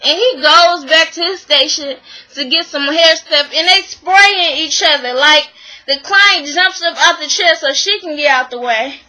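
Bright high-voiced woman recapping a show. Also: measured pace, rough recording. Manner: animated, exasperated, acts out the people she quotes; slangy, swears freely. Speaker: vlogger recapping a reality show. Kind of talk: casual recap and commentary.

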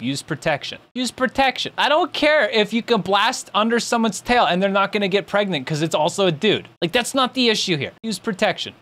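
A man's voice: high-pitched, fairly bright tone. A young man streaming and chatting casually while reacting to videos, with crude, rambling jokes. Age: young adult.

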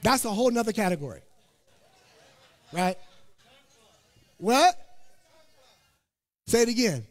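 A pastor from Indiana preaching a sermon, joking and calling out to his congregation in an animated way. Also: high-pitched, slow, pauses often. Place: church sanctuary. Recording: long church hall reverb.

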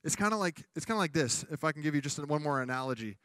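Fast and lively, a man with a fairly high, fairly bright voice preaches as pastor, talking conversationally and playing out funny exchanges. The studio-quality recording has no room sound.

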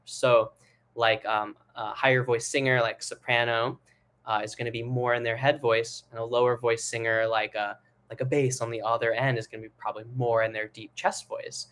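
A young man teaching a live online singing lesson, explaining at length with many fillers and now and then demonstrating with his voice. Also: medium pitch. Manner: relaxed, rambling explanations with many fillers, breaks into sung and head-voice demos.

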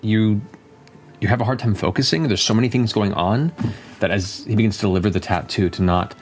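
A man's voice: fairly low pitch, a little fast. A man narrating scenes as a game master, describing at length and calling for rolls. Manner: descriptive, with many fillers and restarts.

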